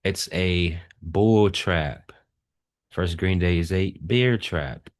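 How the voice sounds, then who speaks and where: A man's voice: low-pitched, slow. A man giving a trading lesson over a screen share, emphatic and repeating his key points. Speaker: trading educator.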